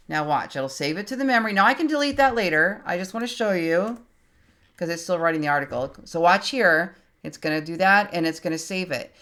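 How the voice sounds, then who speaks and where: A woman in her fifties giving a screen-recorded tutorial, talking casually and thinking aloud as she types, reading her prompts out slowly. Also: medium pitch, animated, fairly bright tone. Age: 50s. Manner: chatty, thinks aloud while typing, reads prompts out slowly. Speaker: creator teaching online tools.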